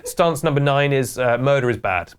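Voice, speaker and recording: A man hosting a comedic internet news vlog, with wry, deadpan asides. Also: medium pitch, normal speed, smooth. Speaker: host.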